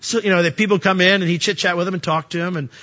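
Bright-voiced male pastor preaching in a hall. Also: high voice, fairly even intonation, very fast, muffled recording. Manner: conversational, reads verses then explains them. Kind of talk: sermon teaching through scripture.

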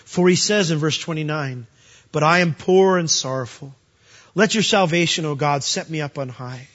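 A man with a husky, slightly high voice preaches a sermon through a dull, lo-fi recording. He swells loud and high on the scripture he reads, then drops low and quiet to explain it. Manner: rises loud and high on quoted verses, drops quiet on comments. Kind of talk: sermon, reading scripture aloud.

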